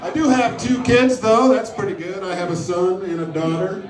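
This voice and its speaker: A man's voice: high voice, steady tone, moderate pace, music in the background. A middle-aged man doing a stand-up comedy set, dry, self-mocking and profane. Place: comedy club stage before a live audience. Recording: roomy live club sound, mic at a distance, audience laughter. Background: audience laughing.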